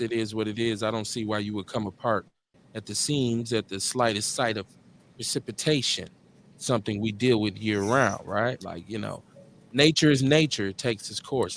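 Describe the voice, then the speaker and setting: A middle-aged man with a Midwestern US accent, hosting a live call-in show in a relaxed, slangy way and repeating his phrases. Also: mid-range voice, slight background noise. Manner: laid-back, slangy, drawls and repeats phrases. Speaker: radio show host.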